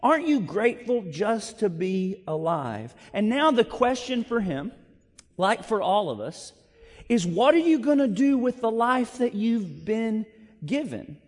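A man's voice: high voice, very animated, measured pace. A man preaching a sermon as pastor, conversational and self-deprecating, moving between storytelling and scripture reading. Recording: long reverb of a large hall.

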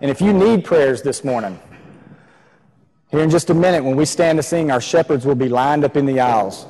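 A man's voice: fairly high pitch, a little fast, mellow. Earnest preacher man, echoing sanctuary. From Texas. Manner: earnest, repeats key phrases for emphasis. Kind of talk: sermon. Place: church sanctuary. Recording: long reverb of a church hall.

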